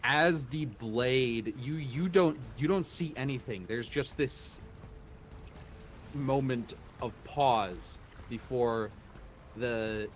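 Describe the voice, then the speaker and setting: A man narrating a tabletop game as game master, slow and deliberate with dramatic pauses. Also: medium pitch.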